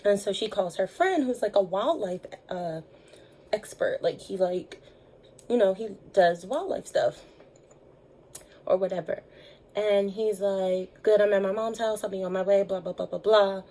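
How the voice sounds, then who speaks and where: A woman's voice: mid-range voice, unhurried, warm tone, poor audio. A young woman telling a story in a chatty vlog, with lots of fillers, voicing the people she quotes. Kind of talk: casual storytime chat.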